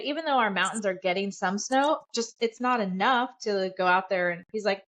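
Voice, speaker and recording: A woman co-hosting a podcast in casual chat, animated and swearing, acting out quotes. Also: medium pitch, moderate pace, hardly any pauses. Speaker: podcast co-host. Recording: dull lo-fi podcast audio.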